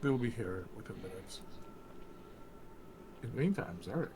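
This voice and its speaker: A man narrating a tabletop game as game master in an unhurried, halting way. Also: fairly low pitch, animated, background noise.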